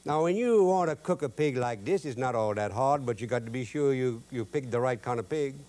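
A man's voice: mid-range voice, animated, brisk, a little mellow. Cajun guy cooking on tv, drawly, joking around, mid voice. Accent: Cajun Louisiana. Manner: drawling, storytelling, broken Cajun grammar. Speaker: cooking show host. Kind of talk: folksy cooking demo with jokes.

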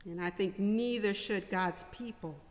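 A woman pastor preaching a sermon in a church, speaking slowly with rhythmic, repeated refrains. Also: mid-range voice. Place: church sanctuary. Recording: long church reverb.

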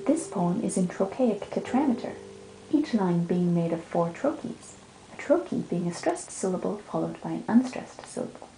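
A woman talks about books and then recites poetry in a measured, lilting cadence. Her voice has a gravelly, creaky edge. The room sounds roomy, and music plays clearly under her. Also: lowish voice, lively intonation, dark tone. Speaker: book reviewer reading poetry aloud. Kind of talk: book talk with poetry readings.

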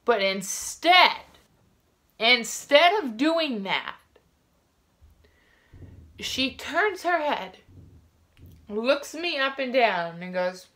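A woman's voice: a little high, sing-song, extremely slow, pauses often, sharp tone. A woman vlogger telling a story to camera in a casual, rambling way, full of "like" fillers and restarts, frank and indignant.

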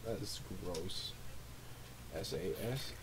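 A young man recording let's play commentary, swearing and swinging from low muttering to sudden shrieks of disgust. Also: takes it slowly, background noise. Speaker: gamer, channel host.

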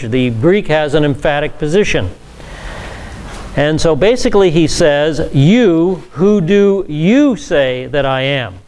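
A man's voice: fairly high pitch, slight background noise. A pastor leading a Bible study, explaining scripture to a class in a conversational teaching manner with asides to his listeners.

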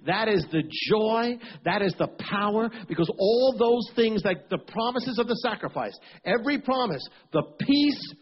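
A man's voice: high voice, animated, normal speed, hardly any pauses, breathy edge, muffled recording. A man preaching a sermon with fervent, repetitive cadences, at times praying aloud in the first person.

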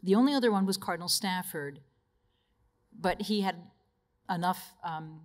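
A woman's voice: fairly low pitch, moderate pace. A woman religious sister gives a conversational retreat talk, telling personal stories and laughing between them.

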